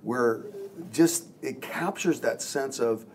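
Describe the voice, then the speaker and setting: A man's voice: medium pitch, slow pace, a little mellow, a little hiss or hum. A man, a pastor, talking earnestly in a podcast discussion and acting out quoted lines as he tells a story.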